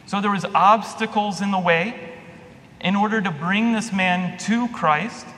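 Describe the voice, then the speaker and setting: A priest with a high, fairly bright voice gives a sermon in a church, telling a story conversationally with restarts and fillers. The recording has long reverb and a faint hum.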